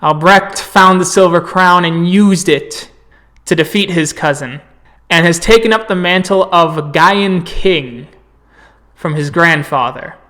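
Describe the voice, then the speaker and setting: A man's voice: fairly high pitch, a little slow, pushed and bright. A man voicing a travelling werewolf elder who addresses a gathering in a formal, welcoming way.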